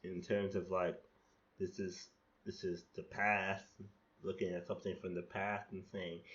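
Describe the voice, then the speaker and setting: A man's voice: deep voice, level tone, measured pace, fairly bright tone, highs cut off. A man hosting a podcast, talking casually and critically about his past self, rambling with restarts and casual swearing. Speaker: podcast host reflecting on his own poems. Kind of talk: casual reflective monologue.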